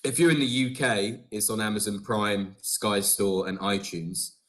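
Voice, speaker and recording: A man speaks as a filmmaker guest on a video call, in a fairly low voice. He talks easily but hesitantly, pausing on fillers as he thinks. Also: fairly even intonation, a bit bright. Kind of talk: casual chat.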